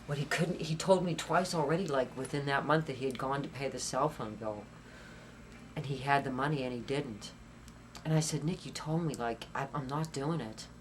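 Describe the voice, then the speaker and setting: Woman interviewee, raw first-person testimony, halting repeats, swings loud to whispered. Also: extremely low pitch, slight background noise. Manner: halting, repeats phrases, grows intense and loud, drops to whispers.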